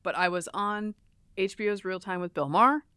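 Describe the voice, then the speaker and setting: A woman co-hosting a casual podcast, her voice sitting mid-range. She talks in quick, wry asides. The recording is dry and close. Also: medium pitch, pushed and bright, clear, resonant tone, no room sound. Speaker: podcast co-host. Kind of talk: casual chat.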